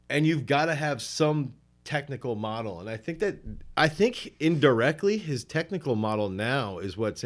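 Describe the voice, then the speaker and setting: A man who coaches throwers, talking in a rambling, animated way in a relaxed podcast interview. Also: medium pitch.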